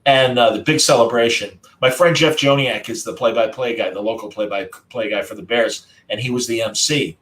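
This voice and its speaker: This podcast host speaks fairly quickly with few pauses in a medium-pitched voice, caught on a low-quality recording. Leading a casual group chat, he tells a warmly remembered story with a former radio broadcaster's polish.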